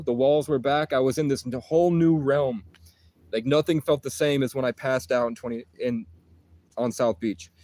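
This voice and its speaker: Man rambling intensely, mid pitch. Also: warm tone. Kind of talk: casual monologue.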